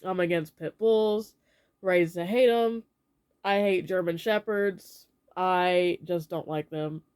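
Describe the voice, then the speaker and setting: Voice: mid-range voice, fairly even intonation, slow pace, darkish tone, clean tone. A young adult vlogger sharing opinions in a casual, rambling way, with lots of fillers.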